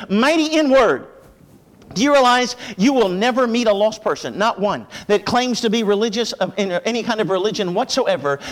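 A man preaching a sermon with impassioned delivery, praying softly and rising with fervor as he expounds Scripture. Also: in a large hall. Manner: impassioned preaching, drops low for prayer. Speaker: pastor.

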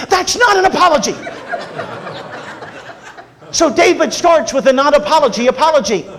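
A man preaching a sermon, moving from humorous storytelling to earnest, quieter exhortation. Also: very high-pitched, very animated, moderate pace.

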